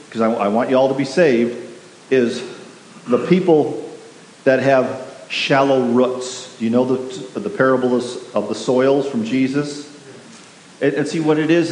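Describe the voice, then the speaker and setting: A pastor preaching a sermon, emphatic and repetitive, putting questions to the congregation. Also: male voice, mid-range voice, a little mellow. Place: church sanctuary. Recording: echoey hall with faint hiss.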